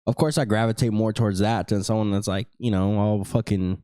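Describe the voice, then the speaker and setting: A man's voice: fairly low pitch, fairly even intonation, brisk, dark tone, smooth, no echo. Swearing, rambling podcast co-host man. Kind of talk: casual chat.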